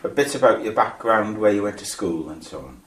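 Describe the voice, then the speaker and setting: Male interviewer, fairly low voice, friendly prompting questions, echoey room. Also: animated, a little fast. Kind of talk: oral history interview. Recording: roomy sound.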